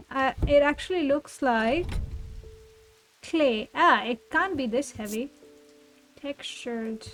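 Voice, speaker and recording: A woman's voice: sits high, rough recording. A woman thinking aloud through a blind playthrough of a puzzle game. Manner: thinks aloud, muses softly. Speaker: game streamer.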